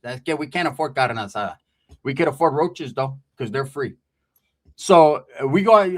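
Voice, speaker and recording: A man's voice: mid-range voice, animated, moderate pace. A man from the Merced area of California telling a rambling, profane comic story. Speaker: comedian storyteller.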